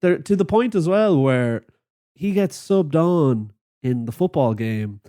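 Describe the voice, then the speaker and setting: A man co-hosting a podcast, reviewing a film in casual chat, amused and quick to laugh. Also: fairly high pitch, lively intonation, warm tone, dry recording, clean studio sound. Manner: amused, laughs often, mimics characters. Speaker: podcast co-host.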